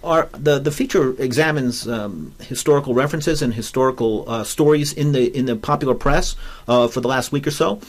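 A man with a New Jersey accent talks history on a podcast, a professor in casual discussion. He stumbles and restarts his sentences as he explains. His voice sits at an ordinary pitch. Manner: halting, many restarts while explaining.

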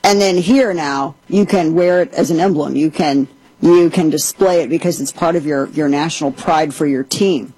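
A woman's voice: low-pitched, moderate pace, warm tone, breathy edge, no echo, poor audio. A woman podcast host giving a casual commentary monologue, chatty and full of sarcastic asides.

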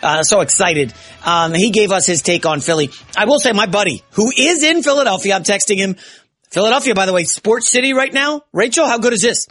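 A man filling in as a sports radio host, talking in an excitable, rambling way and often correcting himself mid-sentence. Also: sits high, brisk, dry recording, soft background music.

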